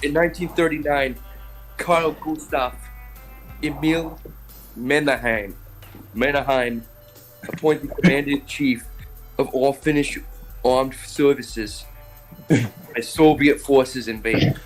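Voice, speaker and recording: A man's voice: medium pitch, steady tone, slow pace, pauses often, faint music behind, poor audio. A man in a casual group chat, reading out history items in a put-on Boston drawl.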